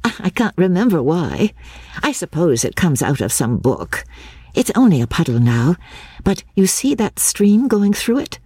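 A woman's voice: on the low side, sing-song, moderate pace, warm tone, husky, no echo, voice pushed up, exaggerated voice. A woman reading the lines of a dreamy, frank young woman in a novel, raising her voice for the part.

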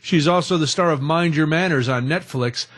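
Middle-aged male radio host, slightly high voice, rambling and chatty, self-deprecating. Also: moderate pace, fairly bright tone. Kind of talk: casual radio talk.

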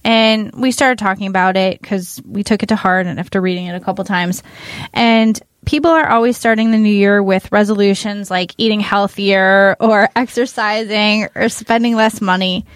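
A woman's voice: medium pitch, steady tone, moderate pace, no room sound, clean studio sound. A woman cohosting a parenting podcast in casual chat, candid and chatty, laughing often.

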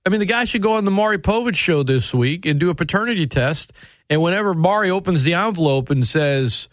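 A male sports radio host with a very lively, swooping delivery, sarcastic and opinionated. He speaks close to a studio mic in a dry, dead room with no reverb. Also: fast. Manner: animated, sarcastic, swings pitch for emphasis.

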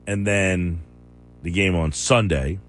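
A man hosting a sports radio show chats casually but argues, quickly challenging his co-host's claims. His voice is low-pitched and steady in tone.

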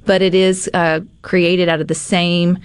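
Woman, cooking show host, casual and animated, lower pitch, dry studio sound. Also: measured pace, clear, resonant tone, no echo. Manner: chatty, animated, with filler words. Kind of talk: casual cooking demo chat.

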